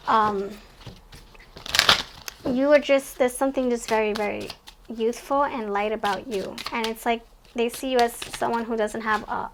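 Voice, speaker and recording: Woman, tarot reader, rambling, self-correcting, slightly high voice. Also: creaky, a bit bright, slight background noise. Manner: chatty, rambling, self-correcting, laughs at her own cards. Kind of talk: casual tarot reading to camera.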